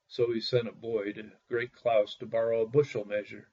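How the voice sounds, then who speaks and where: A man narrating a bedtime fairy tale in a lively reading, putting on voices for the characters, on a dull lo-fi recording. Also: medium pitch, normal speed, few pauses. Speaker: storyteller.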